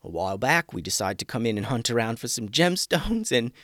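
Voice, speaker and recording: A man's voice: medium pitch, sing-song, fairly quick, a bit bright, no room sound, clean studio sound. A man voicing a flustered pet shop owner who rambles and repeats himself in a storybook reading. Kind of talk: storybook character voice.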